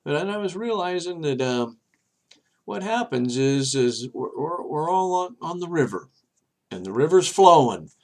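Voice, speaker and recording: A man hosting his own show, giving a rambling, halting religious monologue, dropping soft low asides between loud emphatic bursts. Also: sing-song. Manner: rambling, halting, many restarts and fillers. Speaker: show host.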